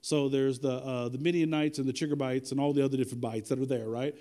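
A man's voice: mid-range voice, fairly even intonation, fast, dark tone. A man preaching a sermon in a conversational, storytelling way with humor. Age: adult with children.

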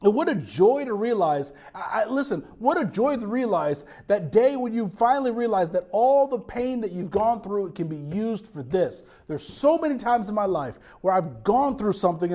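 Male pastor, high voice, lively sermon with restarts and asides. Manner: animated preaching with restarts and asides.

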